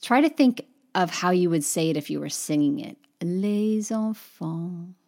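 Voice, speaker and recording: A woman teaching French pronunciation to English speakers online, spelling words out letter by letter and slowing down to demonstrate. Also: deep voice, sing-song, gravelly, darkish tone. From English-speaking country.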